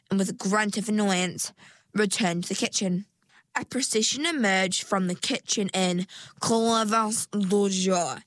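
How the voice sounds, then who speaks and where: A woman narrating a storybook in an unhurried, expressive way. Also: mid-range voice, dry recording. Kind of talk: storybook reading.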